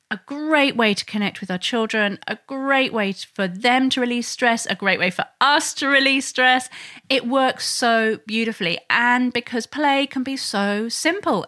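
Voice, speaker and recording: A woman, a parent, hosting a solo podcast and talking earnestly and enthusiastically. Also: medium pitch. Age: adult. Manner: earnest, enthusiastic, warm-hearted. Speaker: podcast host.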